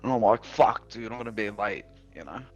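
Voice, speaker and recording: A man's voice: on the low side, animated, fairly quick, soft background music. A young Australian man streaming, telling a blunt, profanity-heavy story about his work day. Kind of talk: casual storytelling.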